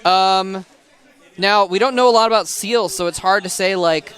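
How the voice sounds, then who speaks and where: A man's voice: sits high, clean tone. A young man casting a strategy game over a headset, chatty and goofy, with the hiccups. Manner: chatty, goofy banter, quickens and rises on big plays. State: has the hiccups. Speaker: esports caster. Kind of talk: play-by-play commentary. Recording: game music loud behind.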